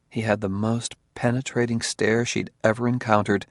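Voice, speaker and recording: A man reading a thriller audiobook in steady, intimate scripted narration. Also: fairly low pitch, normal speed, hardly any pauses, no room sound, clean studio sound.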